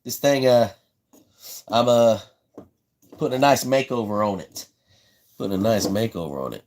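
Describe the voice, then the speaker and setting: A man's voice: fairly low pitch, normal speed, darkish tone. A man from South Carolina with a Southern accent, hosting a casual live stream while building a fishing rod, laid-back and repeating himself as he talks. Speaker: livestream host building fishing rods.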